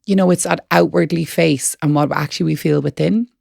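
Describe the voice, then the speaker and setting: Woman cohost, really gravelly voice, earnest and encouraging, dry close mic. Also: low-pitched, steady tone, fairly quick, a little mellow, no echo. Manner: earnest, encouraging, repeats words while thinking. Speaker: podcast co-host. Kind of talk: reflective wellness chat.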